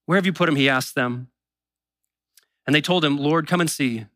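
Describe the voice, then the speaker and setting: A man preaching with a bright, forceful tone and a slightly raised pitch. His delivery is conversational, slipping into quick voiced asides for people's doubts. The sound is close and dry. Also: no echo. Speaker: pastor. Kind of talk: sermon.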